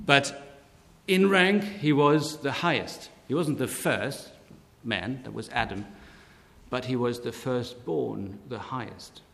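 A man preaching a sermon slowly and deliberately, lifting his voice on key words. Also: medium pitch. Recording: long hall reverb.

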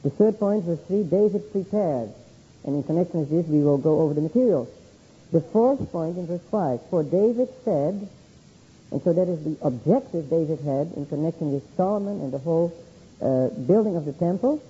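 Man teaching Scripture, husky and dark. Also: a little high, moderate pace. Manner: steady teaching with frequent short self-corrections. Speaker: Bible teacher. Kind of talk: sermon, verse-by-verse Bible study. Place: meeting room with a congregation. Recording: dull lo-fi recording.

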